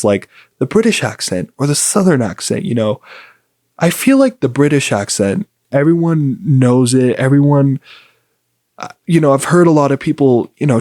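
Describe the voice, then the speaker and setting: A man's voice: medium pitch, a little mellow, no echo, clean studio sound. A young adult man from the United States hosting a podcast, talking in a rambling, upbeat way with lots of fillers. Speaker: podcast host. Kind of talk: casual solo podcast chat.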